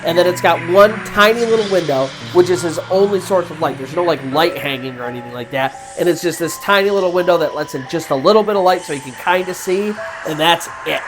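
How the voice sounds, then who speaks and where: A woman host recounts a ghost story in relaxed, chatty narration. She slows and drops her voice at the tense moments. Faint music plays under her speech. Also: fairly low pitch. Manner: conversational, with fillers and restarts, dramatic pauses. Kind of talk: casual spoken horror story narration.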